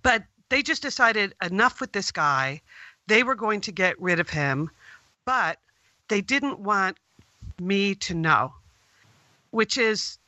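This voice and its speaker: Middle-aged woman guest, animated storyteller; very bright, sharp tone, dry recording. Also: mid-range voice, takes it slowly, long pauses, no echo, highs cut off. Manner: animated, recounts events at length. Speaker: podcast guest. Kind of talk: casual interview storytelling.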